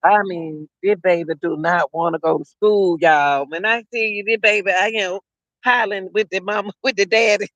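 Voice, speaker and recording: A man's voice: high-pitched, fairly even intonation, moderate pace, a bit bright, no room sound, dull audio. A middle-aged man hosting a casual livestream, rambling and chatting directly to his viewers. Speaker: livestream host.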